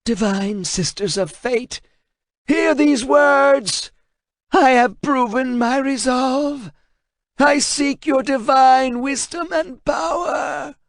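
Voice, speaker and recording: A man voicing a terrified male translator with a raspy voice, pleading and strained with fear. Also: very high voice, takes it slowly, dry recording, clean studio sound, voice pushed up, exaggerated voice. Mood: desperate.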